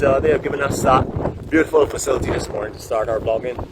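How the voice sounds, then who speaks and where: A man's voice: mid-range voice, animated, fast talker. A Barbadian man hosting a live vlog from a raft off the beach, chatting like a welcoming tour guide, picked up by the camera mic with no external microphone. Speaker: vlog host. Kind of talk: live outdoor vlog narration. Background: faint wind.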